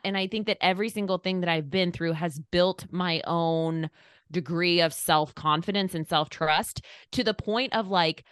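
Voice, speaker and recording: A woman in her thirties, a podcast guest talking candidly, blunt and animated, swearing casually. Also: on the low side, normal speed, smooth, dry recording, studio quality. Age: 30s. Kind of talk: candid conversation.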